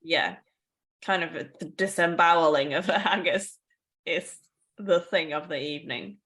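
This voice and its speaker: A woman co-hosting a relaxed conversational podcast, her voice sitting a little low. She explains things in a chatty, easygoing way, adding asides and light laughs as she goes. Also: normal speed. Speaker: podcast co-host.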